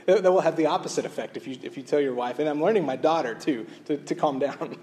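A man's voice: a little high, lively intonation, a little fast, a little mellow. A man preaching a sermon as a pastor, earnest and often repeating words as he restarts his phrases. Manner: reads scripture aloud.

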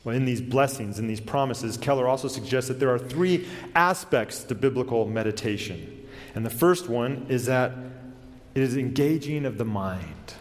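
A man preaching in an earnest way, his voice carried by the long reverb of a church sanctuary. He often slows and falls to a near hush on the words he wants to stress. His pitch sits at an ordinary middle level for a man. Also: animated. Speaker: pastor. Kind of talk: sermon.

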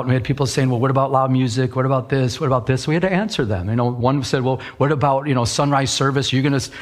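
A middle-aged male pastor preaching a sermon. He tells stories with animated quoted voices and slows down when he reads scripture. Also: medium pitch. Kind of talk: sermon with storytelling.

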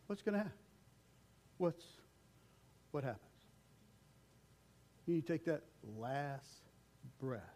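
A man's voice: a little high, big pitch swings, takes it slowly, pauses often. Older male pastor preaching a sermon. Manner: conversational, acts out quoted voices, swings between loud and hushed.

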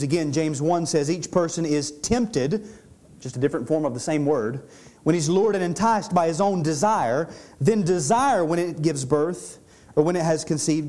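A high-pitched man with a drawl preaches from the pulpit. He teaches emphatically and stretches out key phrases to drive them home. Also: mellow. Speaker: pastor. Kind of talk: expository sermon.

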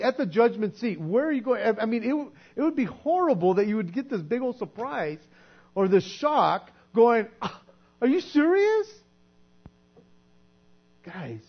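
A man preaching a sermon in a conversational way, sometimes acting out quoted voices and dropping to a soft hush. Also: high voice. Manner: conversational, acts out quoted voices, drops to soft hushed tones. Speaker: pastor. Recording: dull lo-fi sound with mains hum.

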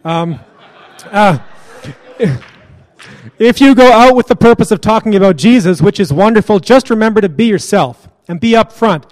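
A man's voice: high voice, normal speed, long pauses, big-room sound. A man preaching a sermon in a casual, joking and blunt way.

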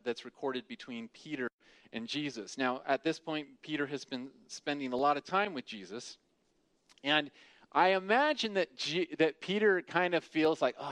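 A man's voice: mid-range voice, a bit bright, clear, resonant tone, no echo. A man preaching an earnest, conversational sermon who often restarts and repeats his words.

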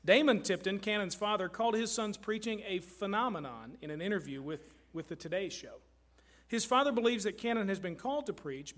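High-voiced earnest preaching man. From Kentucky, USA. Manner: earnest, emphatic preaching with repeated phrases. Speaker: pastor. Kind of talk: sermon.

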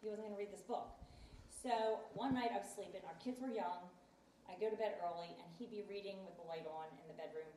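A woman's voice: mid-range voice, fairly quick, echoey room, recorded from a distance, background noise. A woman casually telling a personal story, chatty and acting out what others said. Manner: chatty, acts out quoted voices. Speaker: guest telling her faith story.

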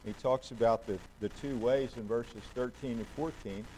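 A man's voice: mid-range voice, normal speed, mellow, a little hiss or hum, rough recording. A man, a pastor, preaching a conversational sermon and putting questions to the congregation.

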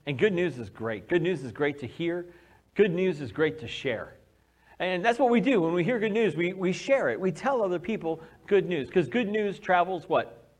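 A man preaching a sermon as pastor, telling a personal story with animated, acted-out quotes. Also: sits high, moderate pace.

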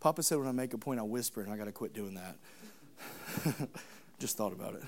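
A man preaching a sermon, telling the story in an animated, humorous, conversational way. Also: on the low side, fairly quick.

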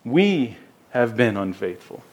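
A man's voice: mid-range voice, sing-song, takes it slowly, husky. Male pastor, mid-range voice, delivering an earnest, emphatic sermon. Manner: earnest, emphatic preaching with repeated words.

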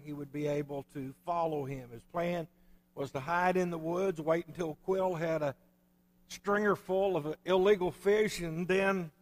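A male pastor delivers a storytelling sermon in a folksy, easygoing manner. His voice sits notably high for a man. The recording carries the long reverb of a church hall. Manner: storytelling preacher, folksy and conversational. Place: church sanctuary.

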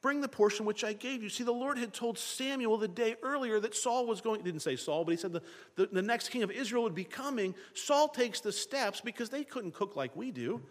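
A man preaching a sermon in an animated way, acting out the thoughts of the people in his story. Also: high-pitched, brisk, in a large hall. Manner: animated, acts out characters' thoughts in dialogue.

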